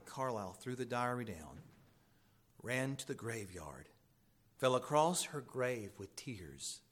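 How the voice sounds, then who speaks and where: A man preaching a sermon as pastor, earnest and pleading, moving between loud emphasis and hushed intensity. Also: mid-range voice.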